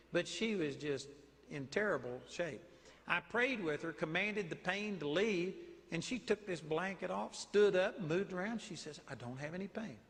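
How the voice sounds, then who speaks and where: Texan guy preaching, kinda high voice, big echoey hall. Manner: animated storytelling preaching, commanding declarations. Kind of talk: sermon.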